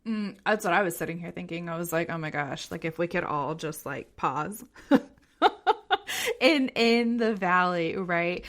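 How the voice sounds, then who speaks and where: A woman's voice: on the low side, very animated, a little slow, long pauses. A woman hosting a podcast interview, chatty and effusive, with many fillers and frequent laughter. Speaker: podcast host. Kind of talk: casual interview conversation.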